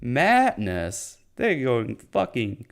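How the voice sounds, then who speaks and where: Slow, sarcastic man with a lively voice. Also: medium pitch, gravelly. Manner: sarcastic, swears often. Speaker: YouTube show host recapping a TV episode. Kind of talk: casual commentary.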